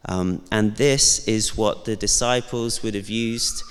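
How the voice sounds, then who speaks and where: A man's voice: fairly low pitch, fairly even intonation, takes it slowly, clear, resonant tone. A man, preaching a sermon as the pastor in a conversational, thoughtful way, with casual asides. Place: church. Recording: long church reverb.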